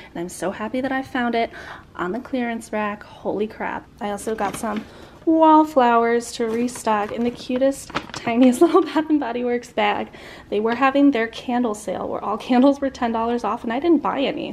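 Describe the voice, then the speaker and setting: Chatty young woman doing a try-on haul vlog, kinda high voice, gushes and giggles a lot. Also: slight background noise. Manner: bubbly, gushing, chatty with frequent laughs. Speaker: vlogger.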